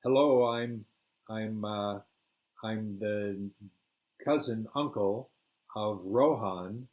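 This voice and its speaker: An older man quoting a friendly, eager middle-aged uncle who welcomes a guest warmly. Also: lowish voice, very slow. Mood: welcoming. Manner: warm welcoming reassurance.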